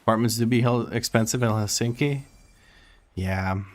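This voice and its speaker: A man's voice: mid-range voice, moderate pace. A young man chatting casually while streaming a game, reading and answering chat with frequent laughter.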